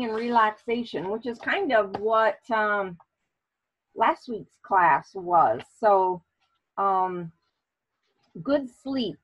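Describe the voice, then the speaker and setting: A woman hosting a casual online class, speaking in a relaxed way with many fillers. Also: mid-range voice, dull audio. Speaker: class host.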